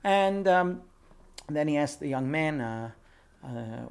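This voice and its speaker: A man teaching a Torah class, telling stories with animated acted-out quotes and frequent fillers. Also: mid-range voice, a little fast. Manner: animated storyteller who acts out quoted speech.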